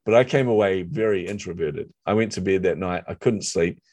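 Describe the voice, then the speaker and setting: A middle-aged man with a New Zealand accent, telling a personal story in a lively, self-deprecating way during a conversation. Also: deep voice, brisk, no echo. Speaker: author and marketer, guest.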